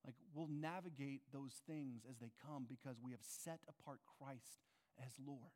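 A man's voice: mid-range voice, measured pace, a little mellow. A man preaching a sermon as pastor, earnest and conversational, often asking his listeners questions. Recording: long reverb of a large hall.

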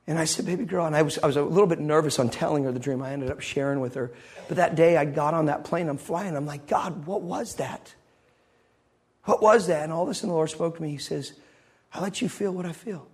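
A man's voice: a little high, darkish tone, husky. A man preaching a sermon, telling a story with great passion. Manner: impassioned storytelling.

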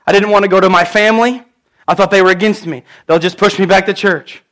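Male pastor, high-pitched voice, earnest conversational sermon delivery. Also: steady tone, fast talker, fairly bright tone. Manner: earnest, conversational preaching with personal stories. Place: church.

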